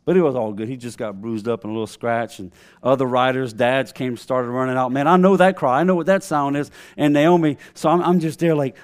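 A man's voice: mid-range voice, fairly quick, darkish tone. A man in his thirties preaching a sermon, telling a family story and calling out to the congregation. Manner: storytelling with call-outs to the congregation. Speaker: pastor.

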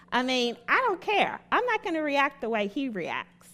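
A woman's voice: high voice, huge pitch swings, normal speed, a bit bright. A woman giving a devotional talk. She tells a personal story, stresses her points through repetition, and asks her listeners questions. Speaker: lay speaker at a devotional.

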